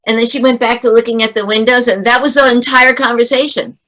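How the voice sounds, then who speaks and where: A middle-aged woman with a bright, forceful voice, speaking as an interview guest. She tells parenting stories in a lively way and acts out the lines she quotes. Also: on the high side, brisk, few pauses. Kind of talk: interview, storytelling advice.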